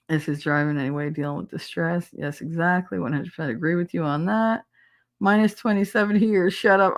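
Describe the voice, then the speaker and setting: A middle-aged woman hosting a casual livestream chat, irreverent and profane, laughing often and acting out quotes as she reads the chat. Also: on the low side. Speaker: podcast host reading live chat.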